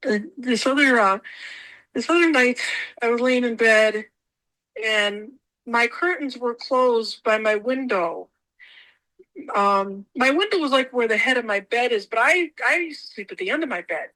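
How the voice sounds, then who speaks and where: A woman's voice: a little high, bright, forceful tone, poor audio. A woman guest telling her stories in a casual interview, rambling and repeating words as she acts out what she said.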